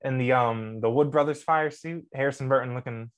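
A man co-hosting a casual racing podcast, rambling with fillers, giggling and now and then bursting into shouts. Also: mid-range voice, a little fast. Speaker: podcast co-host. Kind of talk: casual chat.

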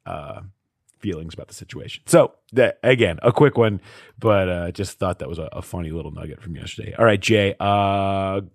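Low voiced podcast guy rambling about football, laughing at his own story, dry sound. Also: normal speed, creaky, no echo. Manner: chatty storyteller, lots of fillers, laughs at his own stories. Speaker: sports beat reporter and podcast co-host. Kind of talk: casual sports podcast chat.

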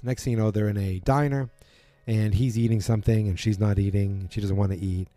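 A man in casual chat, rambling through a TV episode recap with many fillers and quick acted-out quotes. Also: on the low side, fairly even intonation, mellow, no room sound. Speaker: podcast host recapping a TV drama.

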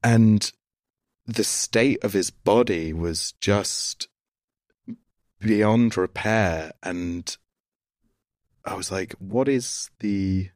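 A man's voice: fairly low pitch, very slow, pauses often, no room sound, studio quality. A young man hosting a casual podcast chat, laughing often and swearing casually. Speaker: podcast host, touring musician.

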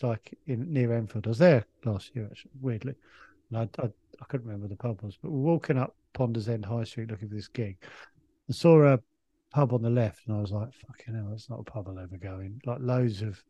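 A man's voice: medium pitch, dark tone, no room sound. A man, a comedian guest on a podcast, telling a long stop-start anecdote with plenty of swearing and restarts.

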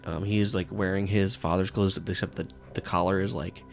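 A man's voice: low voice, fairly even intonation, fairly quick, gravelly, faint music behind. A man narrating a tabletop game as game master, rambling and filling with "like" and "um.". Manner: rambling, full of "like" and "um".

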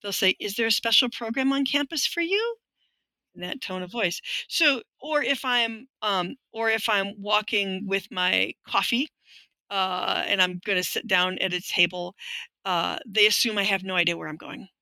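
A woman's voice: mid-range voice, fairly even intonation, normal speed, gravelly, pushed and bright, dry recording, rough recording. A middle-aged woman, a linguistics professor, speaking as a guest in a conversational interview, telling stories frankly and wryly. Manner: frank, wry storytelling that acts out quoted voices.

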